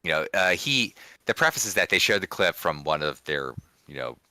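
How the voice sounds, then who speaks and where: A man's voice: deep voice, big pitch swings, moderate pace, bright, forceful tone, no echo, clean studio sound. A man co-hosting a casual wrestling podcast, rambling and restarting his sentences as he talks. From DC area, USA. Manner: rambling, self-correcting. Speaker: podcast co-host.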